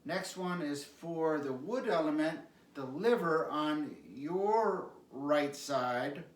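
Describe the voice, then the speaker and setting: A man teaching qigong, calmly cueing stretches and breathing sounds with repeated prompts. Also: a little high, slow pace. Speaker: qigong instructor. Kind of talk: guided exercise instruction. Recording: echoey room, mic at a distance.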